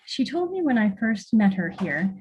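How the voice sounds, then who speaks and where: A woman's voice: mid-range voice, big pitch swings, moderate pace, darkish tone, muffled recording, a little hiss or hum. A woman who coordinates volunteers, presenting an award in a pleased, formal way.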